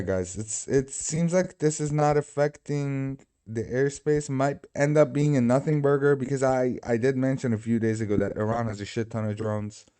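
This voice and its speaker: A man's voice: on the low side, mellow, clean tone. A man hosting a livestream, talking casually and joking, swearing freely. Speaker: livestream host. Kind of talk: casual live commentary.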